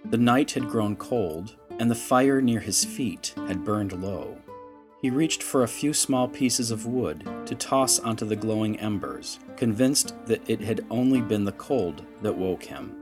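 A man narrating an audiobook chapter in slow, dramatic storytelling. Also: lowish voice, lively intonation, over music. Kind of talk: scripted narration.

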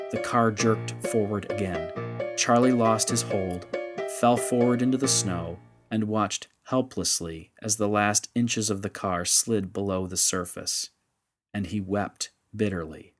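Low-voiced man narrating a story. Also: over music. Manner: measured, steady storytelling. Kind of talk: audiobook narration.

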